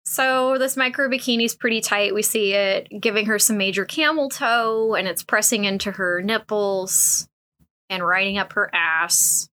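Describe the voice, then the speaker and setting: A woman's voice: mid-range voice, a little slow, sharp tone. A woman hosting a casual comedic commentary, frank and crude, with lots of fillers.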